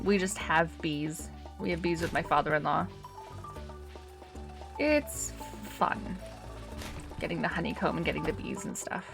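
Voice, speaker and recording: A woman's voice: fairly low pitch, gravelly. A woman giving casual, chatty commentary while live-streaming a game, thinking aloud as she plays.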